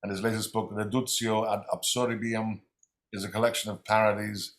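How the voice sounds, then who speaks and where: A man's voice: fairly low pitch, flat delivery, normal speed. A man hosting a livestream reading series, introducing readers in a friendly, slightly scattered way. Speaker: host.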